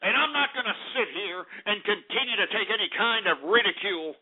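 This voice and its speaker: A man's voice: sits high, a little fast, breathy edge. A man hosting a call-in radio show, ranting angrily and profanely, repeating himself. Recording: tinny phone-like audio.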